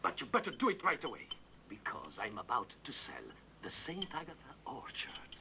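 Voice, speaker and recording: A man's voice: fairly low pitch, big pitch swings, brisk, pushed and bright, full character voice. An actor playing a sardonic grown son who talks back dryly to his mother, in a dubbed film. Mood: defiant. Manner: dry, sardonic. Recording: noisy film soundtrack.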